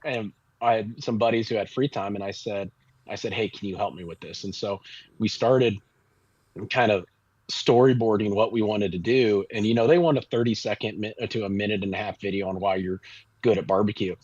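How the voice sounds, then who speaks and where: Guest man, low husky voice, rambling storyteller, dry dull lo-fi audio. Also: brisk, no room sound. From Kansas City area. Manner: rambling, animated storyteller with many restarts. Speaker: barbecue pitmaster guest. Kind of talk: casual storytelling interview.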